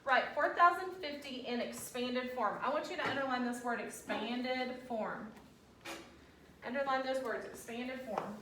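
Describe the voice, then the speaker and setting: A woman's voice: high-pitched, fairly quick, few pauses, pushed and bright, slight background noise. A woman teacher, patiently talking her students through a classroom lesson step by step. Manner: patient, coaxing, talks students through steps. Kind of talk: classroom instruction. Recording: roomy classroom audio from a distance.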